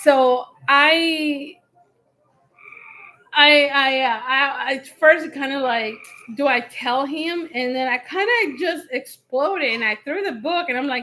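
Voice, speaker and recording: During a live Q&A, a co-host with a bright, high voice tells a story from her marriage, slowly and animatedly acting out both sides of an old argument and breaking into laughter. The recording is low quality.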